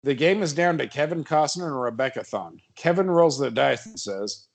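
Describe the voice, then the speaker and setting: A man's voice: mid-range voice, normal speed, creaky. A man narrating a comedy horror podcast script, often laughing and stumbling over his lines.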